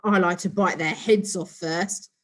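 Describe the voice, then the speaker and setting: A woman voicing a cheeky young boy in a children's storybook, excited and often shouting. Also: lowish voice, a little slow, lightly acted. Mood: smirking. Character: cheeky young boy who loves rockets.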